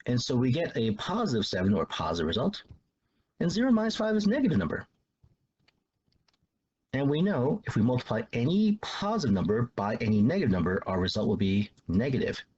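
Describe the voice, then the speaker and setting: A man's voice: mid-range voice, very animated, fairly quick, a little mellow, slightly rough, highs cut off. A man teaching a math lesson in a casual, loose way, repeating himself as he explains. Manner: loose, repetitive explaining with restarts and fillers.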